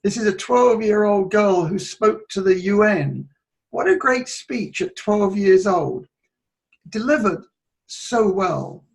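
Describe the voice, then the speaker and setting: High, gravelly man, unhurried speaking coach. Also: expressive. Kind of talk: reflective spoken talk on public speaking.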